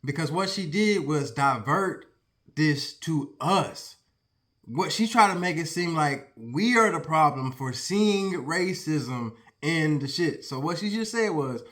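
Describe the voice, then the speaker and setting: A man's voice: high voice, lively intonation, unhurried, fairly bright tone. A man in his thirties giving a profane, heated reaction commentary, swearing and laughing between points. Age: 30s. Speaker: commentary host.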